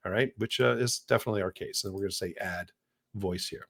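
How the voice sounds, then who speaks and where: A man's voice: sits low, quick pace, creaky, fairly bright tone. Man, podcast co-host, casual and rambling, filler-heavy demo talk.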